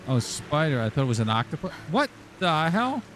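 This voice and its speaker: A man's voice: fairly high pitch, very animated, a little fast, background noise. A man casually chatting and exclaiming while he plays on a live stream. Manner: rambling, exclaiming, chuckling. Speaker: gaming streamer. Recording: game music playing underneath. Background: game music.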